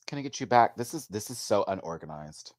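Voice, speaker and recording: Sassy, animated male video reviewer. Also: fairly low pitch, a little fast, no echo, studio quality. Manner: sassy, animated, laughs often. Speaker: drag show reviewer. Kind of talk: live video review chat.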